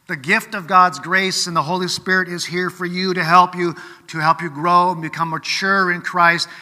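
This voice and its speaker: High, bright-voiced man preaching. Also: steady tone, moderate pace, big-room sound. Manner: conversational, keeps checking in with rhetorical questions. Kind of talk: sermon.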